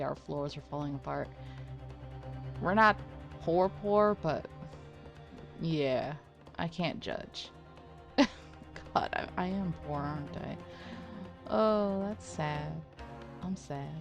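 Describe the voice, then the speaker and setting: A woman commenting on a game she is playing at home, ranting with animated repeats and frequent laughter. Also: medium pitch, creaky. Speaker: let's play commentator.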